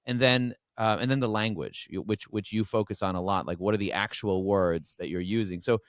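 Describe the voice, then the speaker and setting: Podcast guest, man, standing, open and feeling, lots of restarts; low voice, dry. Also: a little fast, dry recording. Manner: emotional, open, many restarts. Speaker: podcast guest, business owner. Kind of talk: candid interview talk. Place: standing while talking.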